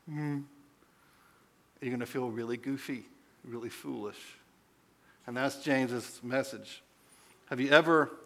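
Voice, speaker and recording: A man's voice: mid-range voice, fairly bright tone. A man preaching a sermon as a pastor, telling stories in a conversational way and asking the listeners questions.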